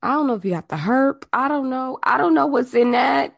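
A woman co-hosting a podcast in casual chat, blunt and emphatic, with a gravelly voice and plenty of swearing. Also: high-pitched, expressive, fairly quick, dry recording. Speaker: podcast co-host.

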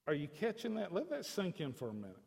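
A male pastor preaching a sermon, telling a story that moves from hushed asides to loud, fervent proclamation. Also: high-pitched, huge pitch swings, fast, vocal fry, slightly rough. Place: church sanctuary. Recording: long reverb of a church hall.

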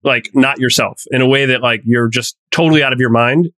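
A man's voice: mid-range voice, steady tone, brisk, pushed and bright, no echo. Rambling, emphatic male co-host. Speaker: podcast co-host. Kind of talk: casual chat.

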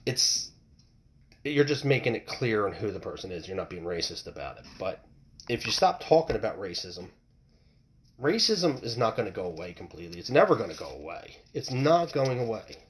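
A man's voice: mid-range voice, animated, normal speed. A man hosting his own podcast, talking bluntly and rambling, with frequent swearing. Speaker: podcast host. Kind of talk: opinionated solo podcast rant.

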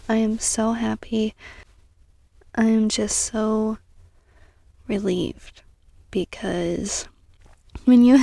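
A young woman hosting a casual self-help podcast, earnest and encouraging, sometimes dropping into soft whispery asides. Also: a little high, gravelly, no room sound. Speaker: podcast host.

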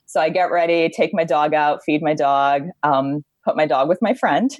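A young adult woman from Hawaii, a podcast guest talking openly and reflectively in a relaxed interview. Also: sits low, normal speed, dry recording, dull audio. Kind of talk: casual conversational interview.

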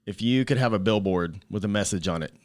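A man's voice: fairly low pitch, brisk, dry recording, clean studio sound. A man co-hosting a podcast interview, casual and profane, laughing often and hyping up his guest. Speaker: podcast co-host.

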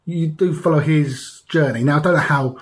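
A man from the UK co-hosting a casual pop-culture podcast on a couch, talking in halting bursts full of ums and easy laughs. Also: fairly high pitch. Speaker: podcast co-host. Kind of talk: casual chat. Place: living room couch.

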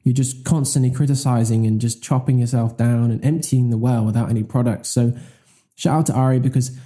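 A man's voice: medium pitch, fairly even intonation, fairly quick, mellow. A man co-hosting a podcast in casual chat, enthusiastic and rambling, often correcting himself mid-sentence. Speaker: podcast co-host.

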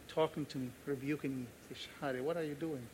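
A man's voice: a little high, fairly even intonation, quick pace, background noise. A man pastor preaching a sermon, earnest and emphatic, repeating key phrases and telling personal stories.

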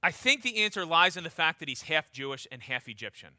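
A man delivers a sermon in a high, very bright voice. He reads scripture aloud and stretches key words for weight. The sound is close and dry, with no room echo. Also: very animated. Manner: emphatic, slows down to stress key words. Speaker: preacher.

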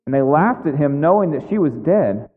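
A man with a fairly high voice preaches a sermon and acts out the voices of the people in the story as he tells it. His voice carries the long reverb of a large hall. The sound is thin and phone-like. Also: big pitch swings, normal speed, husky.

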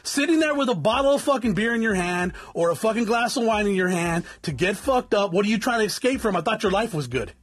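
Man, forties, from South Tucson, very high voice, husky, lively swings in pitch, blunt profane motivational rant. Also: fast, few pauses, soft background music. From South Tucson, Arizona. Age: 40s. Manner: blunt, swearing constantly, lecturing; addresses viewers as guys. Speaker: vlogger.

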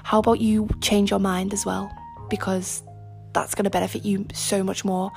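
A young woman hosting her own podcast in casual, chatty, self-mocking talk, a little husky today from lying on her front while recording. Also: mid-range voice, flat delivery, normal speed, a little mellow, soft background music. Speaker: podcast host. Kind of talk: casual solo podcast chat.

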